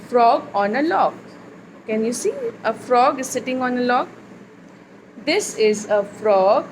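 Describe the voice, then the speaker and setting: A high-voiced woman teaches phonics to small children, speaking slowly and stretching each sound in a sing-song way. A faint background noise sits behind her. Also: a little mellow, rough recording. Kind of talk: phonics lesson for young children.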